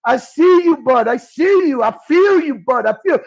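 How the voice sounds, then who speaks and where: High gravelly man taunting on a livestream. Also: lively intonation, moderate pace, few pauses, low-quality recording. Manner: taunting, mocking, repeats "bud". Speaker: livestream host. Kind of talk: heated live-stream argument.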